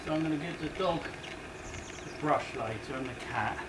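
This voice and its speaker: A man chatting casually as a bushcraft vlogger in his garden, rambling and self-mocking, often slipping into high coaxing talk for his pets. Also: normal speed. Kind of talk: casual chat while working outdoors. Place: home garden outdoors. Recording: noisy outdoor garden recording.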